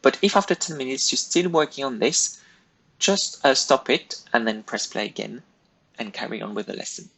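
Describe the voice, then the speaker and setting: A man's voice: medium pitch, expressive, moderate pace, a bit bright, poor audio. A man teaching a recorded French lesson, giving patient, step-by-step instructions to pupils. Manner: patient, step-by-step, clearly paced directions to pupils.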